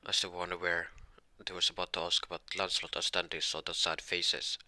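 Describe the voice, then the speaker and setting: A man narrating an improvised fan-fiction story, halting with many restarts and self-corrections. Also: deep voice, flat delivery, bright, forceful tone, no echo.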